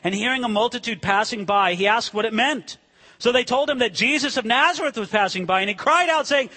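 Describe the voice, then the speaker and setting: Dramatic preacher in a reverberant hall. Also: male voice, extremely high pitch, lively intonation, brisk. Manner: dramatic, swings from hushed to shouting. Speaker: pastor. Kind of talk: sermon.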